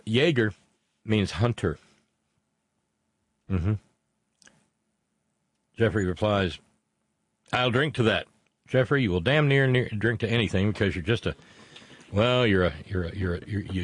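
A man's voice: lowish voice, breathy edge, no echo. A man hosting a live show, rambling through jokes and puns and stumbling over his words as he reads out viewer messages. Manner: rambling, pun-heavy, stumbles and restarts. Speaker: show host.

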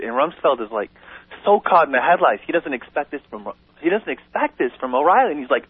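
A man calling in to a radio talk show, opinionated and animated, stumbling into restarts as he talks. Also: a little high, a little fast, husky, no room sound. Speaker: caller. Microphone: telephone. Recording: tinny phone line on radio.

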